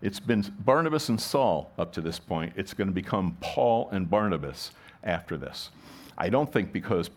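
With lively intonation and a moderate pace, a middle-aged pastor delivers a sermon in a somewhat low voice. He talks conversationally, questioning his listeners, restarting sentences and coming back around to his point.

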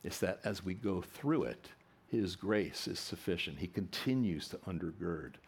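Husky, animated male preacher. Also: normal speed. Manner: animated, swings between loud emphatic lines and soft low ones. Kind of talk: sermon.

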